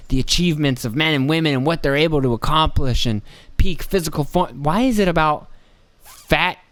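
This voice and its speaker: A man's voice: mid-range voice, no echo. A man hosting a solo podcast from home, rambling in a profane, incredulous way. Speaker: podcast host. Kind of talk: casual solo monologue.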